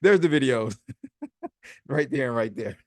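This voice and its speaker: A man's voice: mid-range voice, animated, unhurried, no room sound. A man hosting a casual commentary vlog, chatty and sarcastic, reading posts aloud and adding his own comments. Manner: chatty, sarcastic, repeats himself. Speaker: host.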